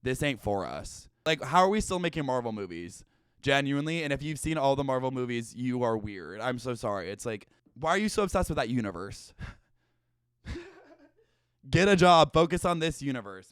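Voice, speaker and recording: A man's voice: medium pitch, clear, resonant tone, no room sound, clean studio sound. Profane, rambling young man hosting a podcast. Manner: rambling, profane, filler-heavy with lots of "like". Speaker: podcast host. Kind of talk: casual comedic monologue.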